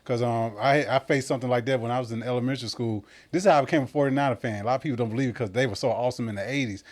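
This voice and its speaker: A man, telling lively childhood stories as a podcast guest. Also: medium pitch, racing. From Memphis, USA. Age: 40s. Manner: animated, acts out other people's voices. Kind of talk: casual storytelling.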